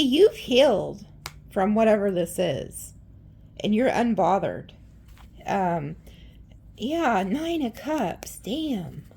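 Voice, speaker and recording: Husky, gravelly woman giving a tarot reading. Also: mid-range voice, a little mellow. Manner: chatty and blunt, swears freely; rambling, with frequent restarts. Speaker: tarot reader.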